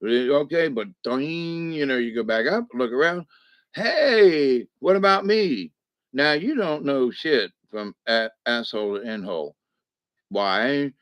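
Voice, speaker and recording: A man's voice: mid-range voice, clean tone, dry recording. A man giving a rambling, folksy spiritual lesson, acting out little voices as he goes. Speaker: spiritual teacher. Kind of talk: casual spoken lesson. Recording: dull muffled sound.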